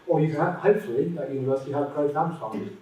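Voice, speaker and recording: Man chatting between sessions, relaxed storyteller, picked up from across a reverberant room. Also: on the high side, quick pace. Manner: chatty, laughs while telling a joke. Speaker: speaker at conference. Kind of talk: informal chat and joke-telling. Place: university conference room. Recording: roomy, distant, faint noise.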